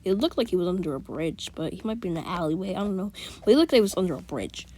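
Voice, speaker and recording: A woman's voice: lowish voice, expressive, rapid-fire, a little mellow. A woman casually telling a made-up fan story, rambling with restarts and whispered asides.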